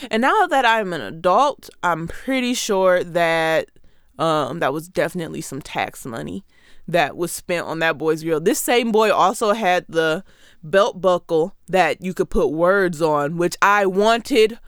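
A woman's voice: fairly low pitch, lively intonation, a little slow, clean tone, no room sound, clean studio sound. A woman in her twenties from Michigan, giving a sarcastic, conversational comedy monologue. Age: 20s. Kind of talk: comedic monologue about song lyrics.

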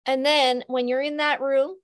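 A woman's voice: high-pitched, little pitch movement, a little slow, no echo, clean studio sound. A woman running a tabletop game as game master, patiently repeating directions.

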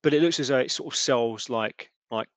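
Halting game master. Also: male voice, mid-range voice, no echo. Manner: halting, many fillers and restarts. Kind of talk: narrating a tabletop game.

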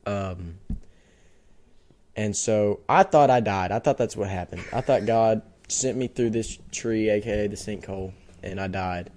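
A young man co-hosting a podcast, telling a childhood story in a casual, animated way with lots of restarts. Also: fairly low pitch, unhurried. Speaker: podcast co-host.

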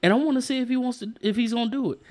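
A man's voice: very high voice, racing, a little mellow. A man hosting a podcast in casual chat, playfully pressing his point with a preacher-like urging cadence. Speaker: podcast host.

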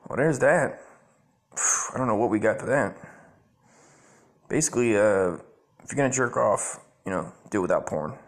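A man's voice: on the low side, expressive, moderate pace, long pauses. A man giving crude comedic reaction commentary, blunt, rambling and full of profanity.

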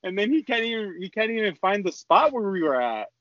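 A man's voice: sits high, very animated, fairly quick, a bit bright, no echo. A young man telling a rambling, slang-heavy story in casual chat, with lots of swearing. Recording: dull lo-fi dry recording.

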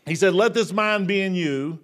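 Male preacher, 60s, homespun storyteller, slightly high voice. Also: moderate pace. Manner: folksy, storytelling, gets loud and animated telling jokes. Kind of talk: sermon.

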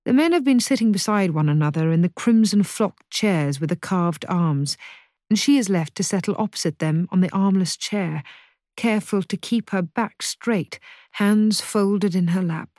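A woman narrating a historical novel as an audiobook in a measured, even reading voice. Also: medium pitch, no room sound, studio quality. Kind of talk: scripted narration.

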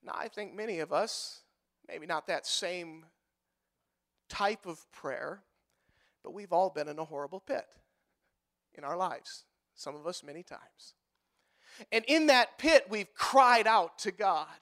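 A man preaching as a pastor, swinging between hushed lines and loud, pleading outbursts, with emphatic repeated phrasing. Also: sits high, moderate pace. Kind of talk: preaching a sermon.

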